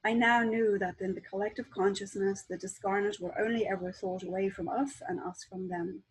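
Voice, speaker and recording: A woman author talking as a guest on a video call and reading aloud from her own book in a calm, measured way. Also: mid-range voice, husky, low-quality recording.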